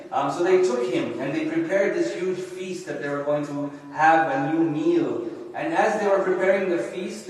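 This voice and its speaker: In an Islamic center lecture hall, a man with a fairly high voice gives a sermon as a sheikh. The sound is echoey and captured from afar, and he keeps a conversational tone, often tossing in "right?" and "yeah?"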